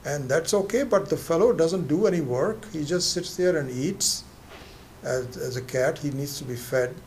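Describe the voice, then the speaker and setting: A man's voice: on the high side, expressive, moderate pace, a little mellow, a little hiss or hum. A man voicing an exasperated wife in a joke, his tone rising in disbelief. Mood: worried.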